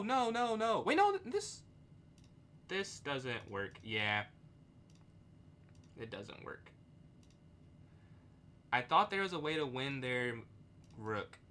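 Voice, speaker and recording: A man's voice: medium pitch, a little hiss or hum. A young man streaming chess live, thinking aloud about his moves and answering chat. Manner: thinks aloud, reads chat, excitable outbursts.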